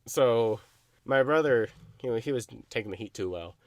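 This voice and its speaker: A young man tells a story on a casual podcast. He is animated and laughs his way through it, swearing as he goes. His voice sits at an average pitch and sounds dry and close to the mic. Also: moderate pace, no room sound. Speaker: podcast co-host.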